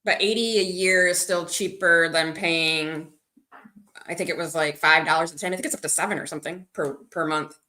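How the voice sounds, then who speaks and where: Bright-voiced chatty woman streamer. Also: lowish voice, steady tone, normal speed. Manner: chatty, rambling, reads out and answers viewer comments. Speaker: livestreaming vlogger. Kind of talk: casual live-stream chat.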